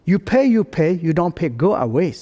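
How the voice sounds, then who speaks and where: A man's voice: on the high side, big pitch swings, normal speed, warm tone, big-room sound, dull audio. A man voicing a rude male shopkeeper who curtly sends a customer away. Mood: dismissive. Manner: curt, brushing off the customer. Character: rude grown male hat shopkeeper, dismissive.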